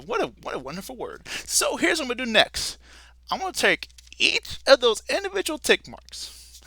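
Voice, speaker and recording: A man's voice: high-pitched, pushed and bright, no echo, heavily acted. A man voicing a folksy, cheerful frontiersman guest in a math video, hammy and chatty with the listeners.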